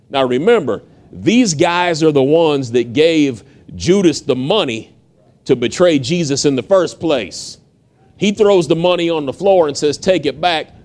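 A man's voice: medium pitch, a little mellow. A man from the United States preaching, retelling a story in a folksy, conversational way with acted-out quotes. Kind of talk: storytelling sermon.

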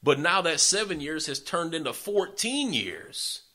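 A male preacher telling a story in a sermon, folksy and animated, often speaking straight to his listeners. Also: a little high, measured pace.

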